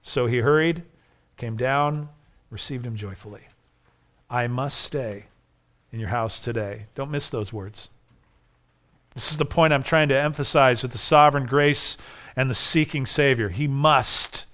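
A man preaching a sermon, emphatic, dropping soft and then rising loud. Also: fairly high pitch, smooth.

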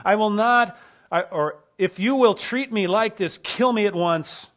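A man's voice: sits high, a little slow, fairly bright tone, pitched above the performer's own voice. A preacher acting out an overwhelmed ancient male leader who pleads in exasperated, self-doubting outbursts. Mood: despairing.

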